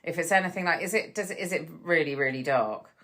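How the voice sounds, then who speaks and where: A woman's voice: low voice, fast talker, a bit bright. A woman in her thirties from England co-hosting a podcast, chatting casually, gushing and laughing often. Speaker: podcast co-host. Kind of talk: casual chat.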